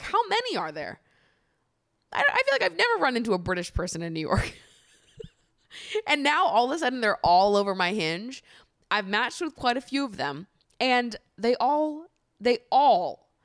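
A woman's voice: mid-range voice, no echo. A young American woman chatting casually on her podcast, giggling often and dropping the odd swear word. Her voice sits in a middle register. The recording is close and dry, with no room sound. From United States. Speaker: podcast host. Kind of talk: casual chat.

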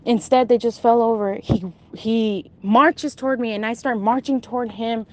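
A woman casually retelling a vivid dream, halting with restarts and asides. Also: fairly high pitch, fairly even intonation, a little mellow. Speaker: storyteller.

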